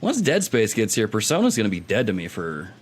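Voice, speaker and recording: A man hosting a casual gaming podcast, excitable and laughing often, with quick asides. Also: fairly low pitch, husky. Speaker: podcast host.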